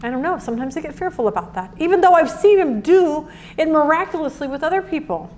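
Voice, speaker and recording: A middle-aged woman teaching a Bible devotional, earnest and animated, who acts out quotes as she talks. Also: sits high, fast.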